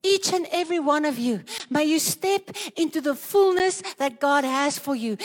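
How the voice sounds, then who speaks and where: A woman preaching a charismatic sermon, building into loud rhythmic declarations and speaking in tongues, at times out of breath. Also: sits high, lively intonation, normal speed, few pauses, big-room sound.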